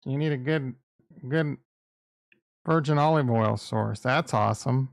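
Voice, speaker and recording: At a measured pace, a middle-aged man with a creaky, gravelly voice of ordinary pitch hosts a casual livestream. His blunt, rambling talk is peppered with crude asides, and the close, dry recording has no room sound or echo.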